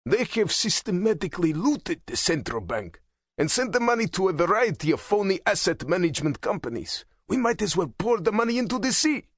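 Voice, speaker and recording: A man's voice: high-pitched, sing-song, brisk, dry recording, studio quality, voice pushed up, heavily acted. A man narrating an audiobook voices a bitter, blunt male president who growls his words with venom. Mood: angry.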